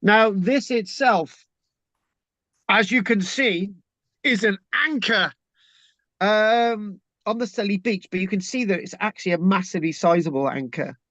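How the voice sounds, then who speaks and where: A man's voice: sits high, measured pace, fairly bright tone, no room sound. A man gives a casual, rambling history talk with many fillers and jokes. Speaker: local historian presenter. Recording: dull lo-fi dry recording.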